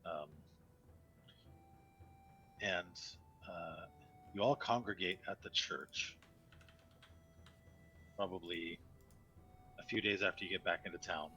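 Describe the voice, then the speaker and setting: A man narrating a tabletop game as game master, unhurried and full of fillers. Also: deep voice, pushed and bright, faint music behind.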